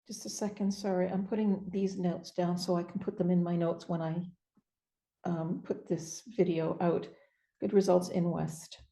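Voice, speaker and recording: Warm-voiced woman host, roomy sound. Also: on the low side, flat delivery, gravelly. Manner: effusive, halting, tearful at times. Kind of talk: emotional interview chat.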